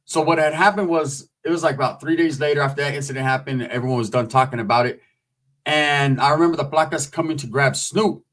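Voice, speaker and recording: A man's voice: medium pitch, quick pace. A man casually telling a long story in streetwise, profane talk, acting out the quotes as he goes. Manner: streetwise, profane, animated retelling with acted quotes. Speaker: storyteller recounting prison life.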